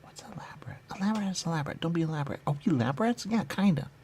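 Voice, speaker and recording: A man's voice: fairly high pitch, animated, racing, a little mellow, a little hiss or hum. A man trading absurd, playful comedy banter, with some whispered asides.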